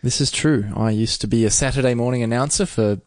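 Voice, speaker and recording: A man's voice: medium pitch, fairly quick, darkish tone, no room sound. A man who is a musician, chatting as a podcast guest in an easygoing way with dry humor. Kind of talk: casual podcast chat.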